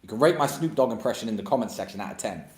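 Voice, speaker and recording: A man's voice: fairly low pitch, animated, very fast, a little mellow. A man in his thirties giving a blunt, scornful opinion monologue as a commentator. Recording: roomy echo.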